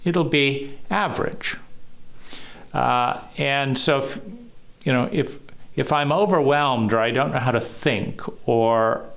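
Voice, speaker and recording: A man speaks about trauma in a slow, unhurried way, leaving long pauses between his phrases. His tone is measured and reflective, and his voice sits at an ordinary middle pitch. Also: fairly bright tone. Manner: slow, measured, pausing often. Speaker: trauma educator. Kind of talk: reflective solo talk.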